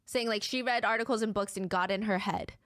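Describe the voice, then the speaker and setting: A woman's voice: mid-range voice, a little fast, fairly bright tone, no room sound, studio quality. A woman narrating a true crime case in a vivid storytelling manner, acting out the people involved.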